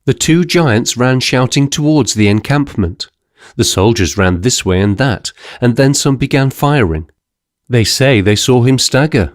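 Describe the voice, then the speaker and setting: A man's voice: medium pitch, expressive, measured pace, no echo, studio quality, natural voice. A man voicing a respectful young male messenger who keeps addressing his listener as sir, in an audiobook. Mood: urgent, respectful. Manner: deferential, keeps saying sir.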